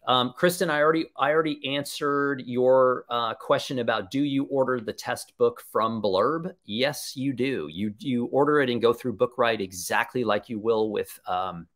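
A man's voice: mid-range voice, a bit bright. A man presenting a live webinar, talking in an enthusiastic, conversational way and answering viewer questions as he thinks aloud.

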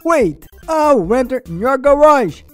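A cheerful, boastful young hero in a fan-made game story, played by a woman. The voice sits high and swings widely, with an unhurried, playful and excited delivery. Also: no room sound, soft background music.

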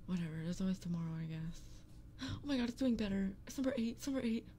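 A woman's voice: medium pitch, animated, quick pace, dark tone, slight background noise. A woman livestreaming and chatting casually to her viewers, blunt and profane with playful grumbling. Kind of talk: casual stream chat. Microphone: streaming microphone.

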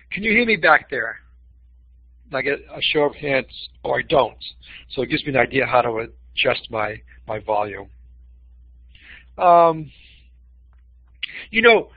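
Man, webinar presenter, husky, emphatic; dry, lo-fi audio. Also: on the high side, no room sound. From Boston. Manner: expressive, uses voice for emphasis. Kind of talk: webinar teaching talk.

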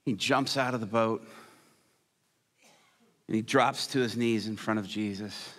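A man's voice: fairly low pitch, a little slow, a bit bright. A man preaching a sermon, telling a story dramatically with humor and acted-out scenes. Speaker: guest preacher.

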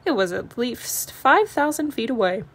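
A steady, reassuring father bear from a storybook, patiently explaining to his cubs, as a woman voices him. He talks calmly and a touch lower. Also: moderate pace, full character voice. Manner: calm, explaining.

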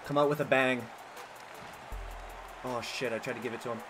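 A young man giving casual, excitable gameplay commentary as a gaming channel host, swearing and yelling at big plays. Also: medium pitch, normal speed, over music. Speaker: gaming youtuber.

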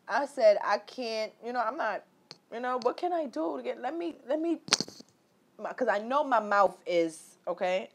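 A woman vlogging a candid personal story, animated and profane, leaping into high exclaimed quotes and talking straight to her viewers. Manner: repetitive filler-heavy talk addressing viewers directly.

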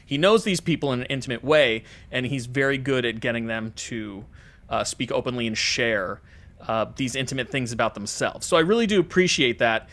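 Relaxed American man, podcast co-host. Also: medium pitch, a little fast. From United States. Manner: relaxed, rambling, frequent fillers. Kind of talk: casual podcast chat.

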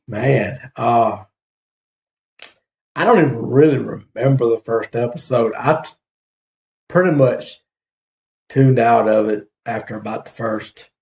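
Man, slow talker, gravelly fry, rambling with laughs, echoey room. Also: mid-range voice, a little mellow. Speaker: YouTube reviewer host. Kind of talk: casual review vlog.

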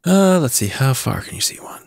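A man's voice: medium pitch, very animated, brisk, gravelly, dry recording, clean studio sound. A man running a tabletop game as game master, reading out scene descriptions with offhand asides.

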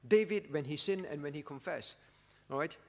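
A man preaching a sermon as pastor, earnest and pleading, often sinking to a soft voice. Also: on the high side, moderate pace, gravelly, big-room sound. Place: church.

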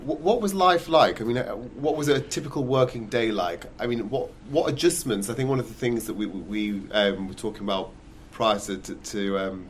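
A man interviewing a guest, asking hesitant, halting questions full of ums. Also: mid-range voice, slight background noise. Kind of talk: podcast interview.

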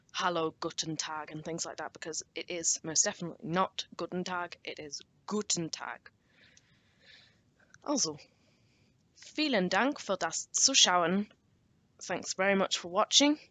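Bright-voiced woman teaching. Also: lowish voice. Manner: patient, slows down to model words. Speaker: language teacher. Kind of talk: recorded language lesson.

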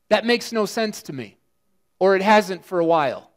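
A middle-aged male pastor preaching a sermon in an animated, conversational way with lots of fillers. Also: high voice, normal speed. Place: church sanctuary.

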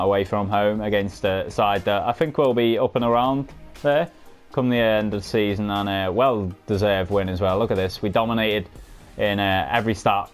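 A young man giving casual, sweary commentary on his football game, calling viewers "boys" and shouting when goals go in. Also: fairly low pitch, clean tone. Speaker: gaming commentator.

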